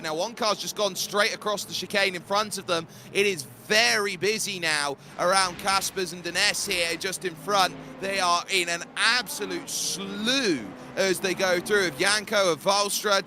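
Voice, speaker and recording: A man calls a sim race as lead commentator with a high, piercingly bright voice. He rattles off the action in an energetic, rapid-fire play-by-play. A faint hum of noise sits under the voice.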